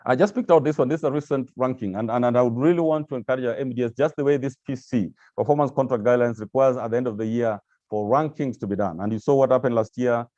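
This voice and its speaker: Hesitant, low-key man presenting slides. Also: fast talker, a little mellow, dry recording, lo-fi sound. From Kenya. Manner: hesitant, repeats words, fillers. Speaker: agency official presenting to staff.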